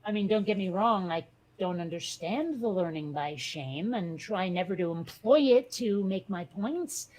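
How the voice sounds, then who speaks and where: A woman's voice: medium pitch, animated, unhurried, hardly any pauses, darkish tone. A woman co-hosting a casual podcast chat, talking in a rambling way with many fillers and restarts. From from a Catholic Italian family. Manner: chatty, hesitant with many fillers. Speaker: podcast co-host.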